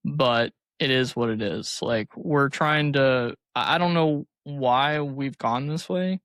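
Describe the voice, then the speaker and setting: A man's voice: medium pitch, slow, fairly bright tone, no room sound. A young adult man, a guest on a podcast, talking frankly and casually, with loose swearing. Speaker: guest co-host.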